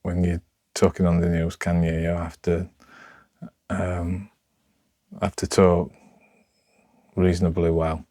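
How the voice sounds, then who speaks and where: A man with a Sheffield accent talking unscripted to camera, rambling and halting with lots of restarts, in a rough, broad way of speaking. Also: deep voice, monotone, warm tone, no room sound, clean studio sound. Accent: Sheffield, Yorkshire. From Sheffield, England. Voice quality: rough, broad local speech. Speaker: vlogger.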